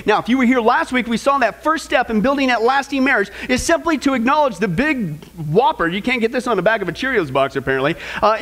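This pastor's voice sits high as he preaches, telling an animated story with stammering repeats and quizzing the congregation along the way.

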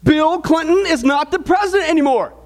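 A man's voice: very high-pitched, fairly quick, pitched above the performer's own voice. A man voicing an adult male Marine guard on duty who is losing his patience, speaking impatiently. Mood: exasperated. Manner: impatient, raised.

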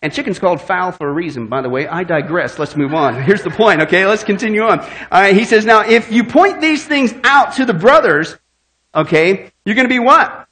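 Bright-voiced joking pastor preaching. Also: male voice, sits high, lively intonation, a little fast. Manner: jokey, quizzes the congregation with call-and-response questions. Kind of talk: sermon.

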